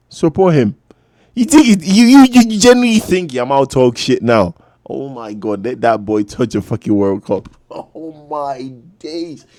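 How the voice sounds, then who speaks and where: A man reacting to a football match as a fan, loud and trash-talking, with bursts of shouting. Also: fairly high pitch, no room sound, studio quality.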